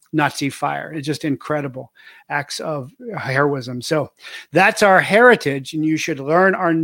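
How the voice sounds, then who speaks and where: A man hosting his own talk show in a loose, rambling monologue, full of "uh"s and restarts. His voice sits a little higher than most men's and sounds earnest. The recording is dry and close. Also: fairly bright tone, no echo. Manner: rambling, many filler words; earnest and patriotic. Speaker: show host. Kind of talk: casual monologue.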